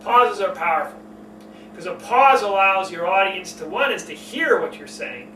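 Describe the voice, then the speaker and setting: Bright, lively male speaking coach. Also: normal speed, roomy sound, far from the mic, a little hiss or hum, low-quality recording. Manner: expressive, demonstrates pace and pitch changes. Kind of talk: instructional talk to camera.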